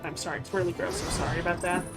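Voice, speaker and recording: A woman streaming a game, talking quietly to herself with fillers and self-corrections. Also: lowish voice, fairly even intonation, rapid-fire. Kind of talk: casual gameplay commentary. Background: faint game music.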